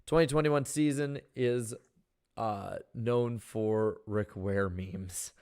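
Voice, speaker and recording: A man with a worn-out, hoarse voice, co-hosting a casual podcast and reading out viewer super chats with halting restarts. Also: fairly low pitch, a little mellow.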